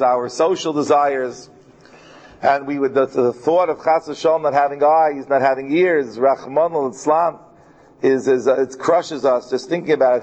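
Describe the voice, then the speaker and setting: A man giving a Torah class in an earnest tone, mixing Hebrew terms into his English and slowing right down to stress key verses. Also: a little high, muffled recording. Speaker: Torah teacher.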